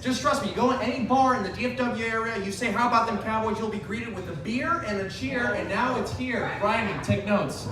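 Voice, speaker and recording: A young man with a high voice works through a rambling, profane stand-up set on a bar stage. He is caught from far off by the camera, so the room's echo comes through along with the noise of the audience. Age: 20s. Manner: loose, rambling, profane delivery. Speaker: stand-up comedian. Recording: roomy, distant bar recording with crowd.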